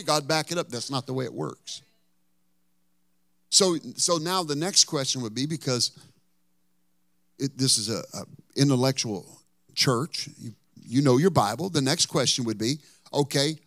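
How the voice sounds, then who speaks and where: A male pastor preaching a sermon, telling Bible stories dramatically and rising to loud bursts. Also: medium pitch, no room sound.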